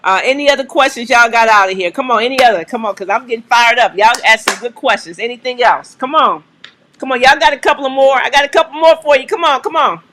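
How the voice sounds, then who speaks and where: Host brief: a woman with a bright, forceful voice, preacherly call-and-response cadence, coaxing viewers on a live stream. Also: a little high, quick pace, a little hiss or hum. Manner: emphatic, repeats "okay?" and "come on", coaxing the audience.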